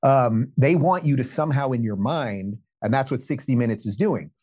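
A man's voice: medium pitch, lively intonation, moderate pace, darkish tone. A man appearing as a guest on a political talk show, talking emphatically and with scorn. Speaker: guest commentator.

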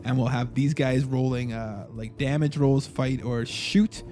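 A man narrating as game master of a tabletop role-playing game, in a relaxed way with many fillers. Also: mid-range voice, measured pace.

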